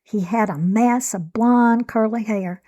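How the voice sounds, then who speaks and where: A woman reading her own memoir aloud in a measured, reflective storytelling manner. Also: a little high, dark tone. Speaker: author and narrator. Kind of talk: scripted memoir narration.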